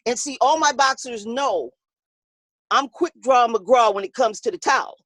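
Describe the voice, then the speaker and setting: A boxing coach in a woman's high voice tells a lively story, acting out the voices of the people in it. She laughs often as she talks. The sound is dry, with no room echo. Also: moderate pace. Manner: animated, acts out quoted voices, laughs often. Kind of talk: storytelling in an interview.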